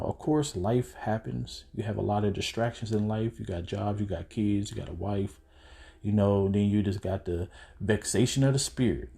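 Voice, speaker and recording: A man with a low, mellow voice preaches in a relaxed, conversational way. He reads scripture aloud and then breaks it down in plain street talk for his listeners. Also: gravelly. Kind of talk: casual sermon. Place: indoors, seated.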